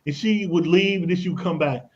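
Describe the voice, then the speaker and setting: Radio guest: emphatic man, fairly high voice, slightly dull radio sound, talks like he's telling stories. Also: fairly quick. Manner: emphatic, tells anecdotes, repeats "look at this". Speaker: credit expert guest. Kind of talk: radio interview, lively explaining.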